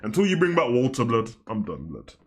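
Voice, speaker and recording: A young man talks through last night's wrestling in a loose, slangy live-stream review. His voice sits at an ordinary middle pitch. He swings from loud, excited outbursts to quick, mumbled asides. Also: slight background noise.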